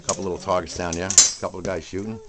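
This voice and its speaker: A man's voice: low voice, flat delivery, very fast. A middle-aged man with a New Jersey accent, casually chatting and joking as he films around an outdoor shooting range. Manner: chatty, jokey, friendly banter. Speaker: event host filming a tournament. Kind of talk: casual walk-around narration. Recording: noisy outdoor camera audio.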